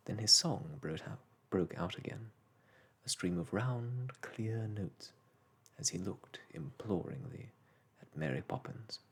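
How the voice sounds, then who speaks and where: A man narrating a children's storybook aloud in a gentle, unhurried bedtime-story manner. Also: lowish voice, lively intonation, slightly rough.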